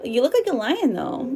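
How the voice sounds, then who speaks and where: A woman with a high-pitched voice does a live tarot reading for viewers, bubbly and affectionate, calling them "girl" and "my love." She chats loosely with plenty of fillers and laughter, and there's background noise.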